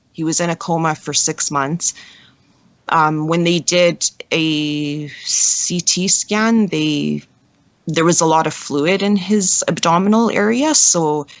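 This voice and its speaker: A woman being interviewed as a guest, telling a personal story in an earnest, halting way with frequent restarts. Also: low voice, a bit bright, no echo.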